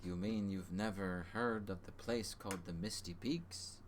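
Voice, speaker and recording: A man voicing a curious black bird who speaks slowly and formally in a tabletop game. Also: sits low, slight background noise.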